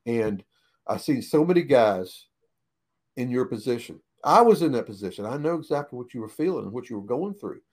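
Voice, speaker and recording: A man's voice: medium pitch, expressive, fairly quick, a little mellow. A man telling old racing stories in a casual interview, folksy and plain-spoken, swearing freely and tagging "right?" onto his sentences. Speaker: guest, retired race car driver.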